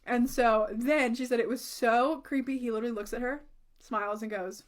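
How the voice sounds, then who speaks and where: A woman's voice: a little high, steady tone, normal speed. A woman casually recounting a creepy story from a friend, talking loosely with lots of "like" and casual swearing. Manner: chatty, says "like" often, swears casually.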